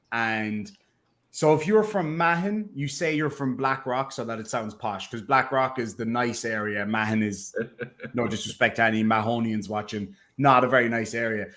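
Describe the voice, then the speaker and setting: A chatty Irish man whose accent has been softened by life abroad. He talks casually and tells stories with animation. His voice sits at an ordinary pitch for a man. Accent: Irish, softened by living in America. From Ireland. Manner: chatty storyteller, animated, slipping into impressions. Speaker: podcast co-host. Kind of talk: casual chat.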